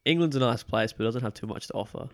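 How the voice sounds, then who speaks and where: Gravelly young man, half British half Australian accent. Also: mid-range voice, fast, dry recording, clean studio sound. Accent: mix of British and Australian. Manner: relaxed, rambling, many fillers. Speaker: podcast guest. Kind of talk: casual chat.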